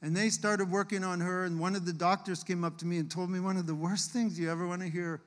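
A man with a notably high-pitched voice tells a heartfelt story from the pulpit. His delivery is earnest and emotional, and the sound carries the long reverb of a church sanctuary. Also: level tone, fast. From Canada. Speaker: guest missionary speaker. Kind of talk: sermon testimony.

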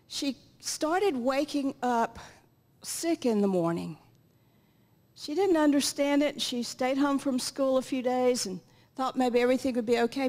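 An older woman giving an earnest personal testimony at a church meeting, speaking into a stage microphone. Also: high-pitched. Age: 60s or 70s. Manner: earnest storytelling, acts out quotes. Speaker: guest speaker. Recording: reverberant church hall.

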